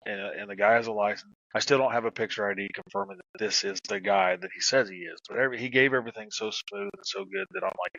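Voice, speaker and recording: A man's voice: mid-range voice, lively intonation, quick pace, vocal fry, pushed and bright, no room sound, highs cut off. A middle-aged man and former police officer, casually telling stories on a podcast, laughing and swearing as he goes. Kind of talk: casual storytelling.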